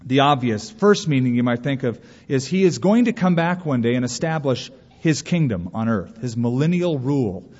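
Pastor preaching in a reverberant hall. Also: male voice, mid-range voice, animated, normal speed, hardly any pauses, darkish tone. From California. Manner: earnest preaching with rhetorical questions and story asides. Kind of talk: sermon. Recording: reverberant hall, dull lo-fi sound.

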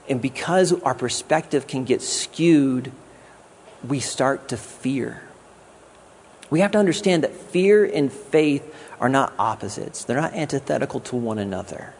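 A man's voice: mid-range voice, expressive, unhurried, a little mellow, slight background noise. A man giving a sermon as a guest pastor, in a conversational way with jokes. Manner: conversational preaching with jokes and acted quotes.

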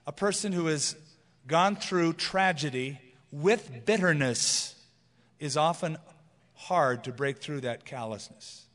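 Earnest pastor preaching in a reverberant hall. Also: male voice, on the high side, fairly bright tone. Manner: earnest, emphatic, slows for scripture, mocks guilt-preaching. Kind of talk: expository sermon.

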